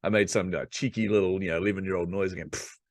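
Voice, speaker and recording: A man with a low, deep voice, a podcast guest from New Zealand telling a story from his childhood. He talks in a lively, conversational way and acts out the voices of the people he quotes. The sound is dry and close to the mic. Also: rapid-fire, no room sound.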